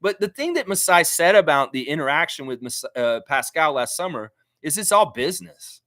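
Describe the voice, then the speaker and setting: A man hosting a sports fan livestream, ranting in a heated, animated way. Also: fairly high pitch, moderate pace, dry recording, studio quality. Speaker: sports fan show host. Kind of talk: casual livestream rant.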